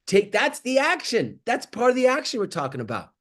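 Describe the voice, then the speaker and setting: A man giving an animated motivational talk on a video call, swinging from loud exclamations to near-whispers. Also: very high-pitched, brisk. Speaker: guest speaker on an acting workshop call.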